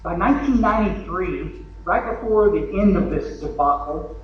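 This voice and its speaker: A man's voice: a little high, moderate pace, slight background noise. A man with a Texan accent giving a folksy, joking recovery talk from the podium at a convention. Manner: folksy and joking, with acted asides. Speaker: convention speaker. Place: large convention hall. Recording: echoey hall, lo-fi, from far off.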